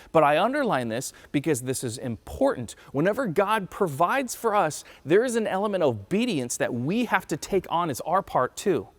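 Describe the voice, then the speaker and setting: A man's voice: a little high, no echo. A man in his thirties preaching a conversational sermon, telling stories and acting out quotes. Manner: conversational storytelling, acts out quotes. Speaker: pastor. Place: church.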